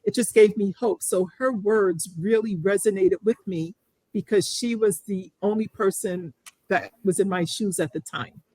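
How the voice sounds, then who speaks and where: A woman's voice: medium pitch, fairly even intonation, normal speed, a little mellow, dry recording, rough recording. A middle-aged woman, a guest on an interview show, speaking earnestly and reflectively, often restarting her sentences. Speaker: guest sharing her story. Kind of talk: candid interview.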